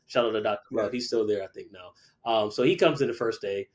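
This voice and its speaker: A man's voice: lowish voice, quick pace. A man in his forties from Connecticut, a middle school teacher telling his story as a podcast guest, acting out the people he quotes. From Connecticut, USA. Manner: animated storyteller who acts out quoted people. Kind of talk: casual storytelling interview.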